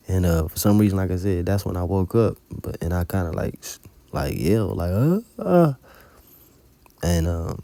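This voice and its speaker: Man, low gravelly voice, dark tone, casual profane storytelling, religious testimony. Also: no room sound. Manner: colloquial storytelling with heavy cursing. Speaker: religious teacher recounting a dream. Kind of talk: informal spoken testimony.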